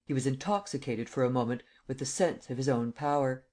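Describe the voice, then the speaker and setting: A man narrating a classic novel in a measured, steady way. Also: mid-range voice. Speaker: audiobook narrator. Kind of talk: scripted narration.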